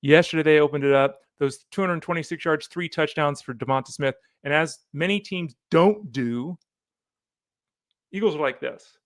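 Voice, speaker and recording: Gravelly guy hosting a fantasy football podcast, fired up and opinionated, dry close mic. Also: a little high, no room sound. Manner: animated, opinionated, talks straight to the listener. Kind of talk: solo sports podcast commentary.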